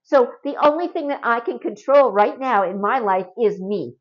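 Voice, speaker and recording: A woman's voice: a little high, moderate pace, muffled recording. A middle-aged woman from Canada talking casually and earnestly to camera in a home vlog, often adding a rhetorical "right?". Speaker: vlogger.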